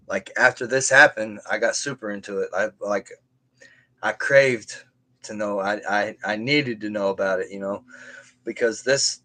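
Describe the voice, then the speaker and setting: A man's voice: fairly low pitch, a bit bright. Man rambling through a personal story. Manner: rambling, with frequent restarts and asides. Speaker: live stream host telling his life story. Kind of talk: casual spoken storytelling.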